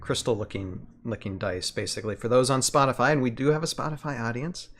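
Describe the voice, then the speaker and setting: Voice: mid-range voice, quick pace, a little hiss or hum. A podcast host in casual chat, ribbing his co-hosts playfully.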